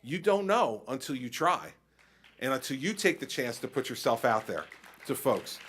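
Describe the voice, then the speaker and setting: A man's voice: mid-range voice, normal speed, slight background noise. A man serving as governor who answers a conference question by telling stories and acting out his exchanges with people. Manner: animated storytelling, acts out exchanges. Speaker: state governor.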